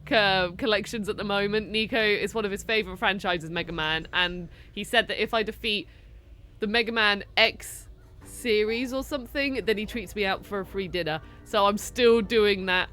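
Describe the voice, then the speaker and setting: A woman's voice: medium pitch, normal speed, sharp tone. A woman casually chatting as a streamer, reading chat aloud and playfully talking to the game. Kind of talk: casual live game commentary. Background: game music.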